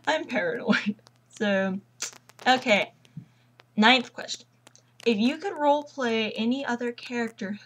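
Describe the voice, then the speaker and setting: A teenage girl chats casually from home, rambling and gushing like an excited fangirl. Her voice sits at a middling pitch, with a faint hiss of noise behind it. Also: low-quality recording. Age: teens. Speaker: vlogger. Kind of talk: casual chat.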